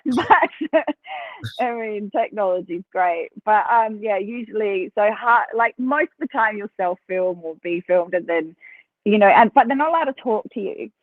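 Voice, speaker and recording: A woman with an Australian accent, a podcast guest telling stories in a chatty, animated way and laughing between phrases. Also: medium pitch, moderate pace, no echo. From South Australia. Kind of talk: casual interview storytelling. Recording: tinny phone line, dry.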